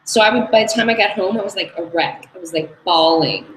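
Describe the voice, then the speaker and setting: A woman's voice: fairly low pitch, fairly quick. A woman in her thirties co-hosting a casual podcast chat, a chatty storyteller. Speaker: co-host. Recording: echoey room, faint noise.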